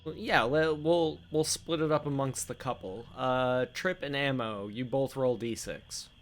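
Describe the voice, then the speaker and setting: A man's voice: mid-range voice, unhurried. Joking game master, casual man. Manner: casual, joking, laughs mid-sentence. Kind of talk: narrating a tabletop game.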